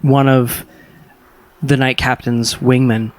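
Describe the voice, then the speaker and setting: A man's voice: mid-range voice, level tone, slow pace, dry recording. A man narrating a tabletop game as game master, describing scenes unhurriedly with fillers.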